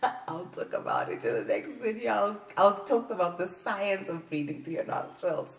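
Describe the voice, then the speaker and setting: A woman hosting a playful sex-advice talk, often giggling and letting out drawn-out "ooh"s. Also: lowish voice, sing-song, distant mic. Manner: giggly, playful, breathy exclamations. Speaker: host. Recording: echoey room, off-mic.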